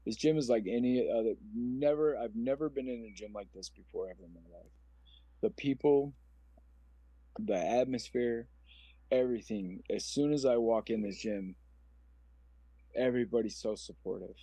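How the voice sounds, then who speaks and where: An earnest man in his forties from Omaha, Nebraska, shares his story as a podcast guest, rambling and emotional as he goes. His voice is warm and mellow. The sound is dry, with no room echo. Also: medium pitch, moderate pace, pauses often, husky. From Omaha, Nebraska, USA. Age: 40s. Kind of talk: personal storytelling interview.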